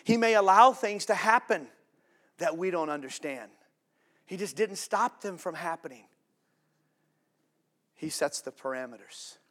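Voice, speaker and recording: A male pastor preaching a sermon to a congregation, swinging from loud emphatic declarations to hushed quiet lines, with casual asides to the room. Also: high voice, unhurried, pauses often.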